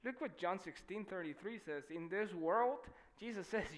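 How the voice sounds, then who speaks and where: A young man preaching a sermon in church, animated and swinging from shouting to near-whispers. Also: sits high, normal speed, hardly any pauses. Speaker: pastor.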